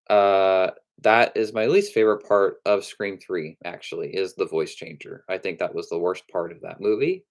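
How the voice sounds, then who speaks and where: Man, young adult, deep voice, casual live-stream chat, halting, repeats himself. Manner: halting, with many restarts.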